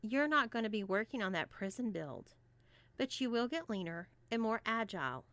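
A woman voicing a sporty young college woman who speaks in a brisk, matter-of-fact way. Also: on the high side, very animated, fairly bright tone, dry recording, voice pushed up.

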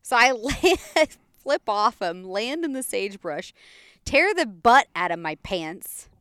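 A woman telling a story in casual chat, animated and laughing often, with playful sound effects. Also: fairly high pitch, slow, clean tone, dry recording, studio quality.

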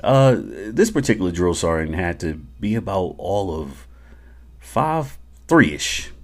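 A man's voice: low voice, sing-song, slow pace. A middle-aged man, a retired Army veteran, telling a podcast story casually and chuckling as he talks to listeners. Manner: conversational, addresses listeners directly, chuckles often.

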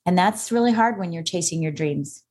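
A woman's voice: on the low side, lively intonation, moderate pace, a little mellow. A woman guest on an interview podcast, speaking with forthright, emphatic conviction as she tells her own story. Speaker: guest, author. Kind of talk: conversational interview.

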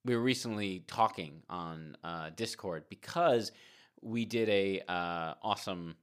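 A man co-hosting a casual podcast, excitable and rambling, laughing often. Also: low voice, measured pace, clean tone. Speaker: podcast co-host.

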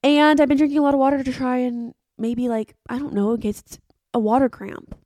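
A woman's voice: high-pitched, fairly even intonation, fairly quick, mellow, no room sound. A woman, hosting her podcast in a rambling, self-mocking, dramatic chat. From Arkansas. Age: 20s. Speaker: podcast host. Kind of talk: casual solo podcast chat.

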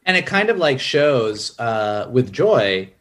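A man in casual film talk, a screenwriter who acts out character lines in a raised, lively voice. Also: takes it slowly. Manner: animated, acts out character quotes in a higher voice. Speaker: screenwriter and podcast guest.

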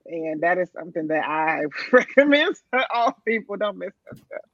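A woman's voice: mid-range voice, big pitch swings, measured pace, a bit bright, no echo. A woman in a casual podcast chat, speaking candidly and often laughing. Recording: dull, dry recording.

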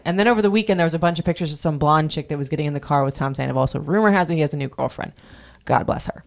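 A woman's voice: low-pitched, very fast, creaky. A woman in her forties hosting a casual podcast, talking bluntly and swearing freely as she rants. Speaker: podcast host.

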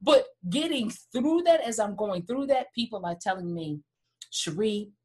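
A middle-aged woman hosting a podcast, telling a personal story in an earnest, animated way and acting out what others said. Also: fairly high pitch, moderate pace. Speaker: podcast host. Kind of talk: heartfelt conversational talk.

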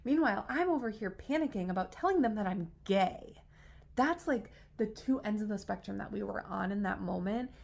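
A young woman co-hosting a casual podcast, recounting a personal story with animated energy. Her voice has a gravelly, fry-tinged texture. Her speech is loose and peppered with "like.". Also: medium pitch, a little fast. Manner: animated, frequent "like" fillers, rising into excited retelling. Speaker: podcast co-host.

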